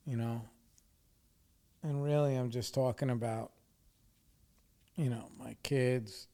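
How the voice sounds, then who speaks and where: A middle-aged man of Puerto Rican background, hosting a podcast in a rambling, profane, self-deprecating casual monologue. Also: medium pitch. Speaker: podcast host.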